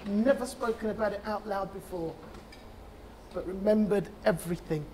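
A man, a bereaved father, giving a conference talk and reciting a spoken-word poem with rhythmic, impassioned delivery and dramatic pauses. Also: high voice, darkish tone, slight background noise.

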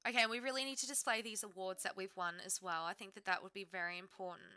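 Bright, bubbly woman narrating gameplay. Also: mid-range voice, steady tone, fast talker, smooth, dry recording. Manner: bubbly, chatty, talks to her game characters. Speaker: gaming YouTuber. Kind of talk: let's play commentary.

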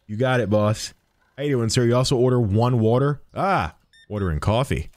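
A man's voice: mid-range voice, normal speed, a little mellow. A young man streaming a game, chatting playfully as he plays a shopkeeper and jokes with customers. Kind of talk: let's-play commentary.

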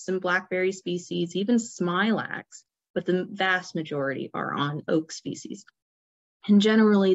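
A woman giving an informal illustrated lecture as a nature center presenter, relaxed and full of fillers and restarts. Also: fairly low pitch. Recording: dull lo-fi recording.

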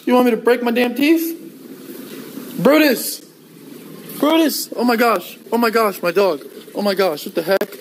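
Loud goofy male street streamer. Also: sits high, a little fast, a little hiss or hum, poor audio. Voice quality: loud, goofy and taunting, repeats phrases. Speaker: IRL streamer. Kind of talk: rambling live street stream. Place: outdoors on a city street and at a hotel door. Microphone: handheld phone.

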